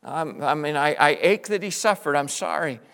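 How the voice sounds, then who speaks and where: A middle-aged male pastor preaching with passion, swinging between loud exclamations and hushed, tender passages. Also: on the high side, moderate pace, vocal fry, clear, resonant tone. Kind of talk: sermon.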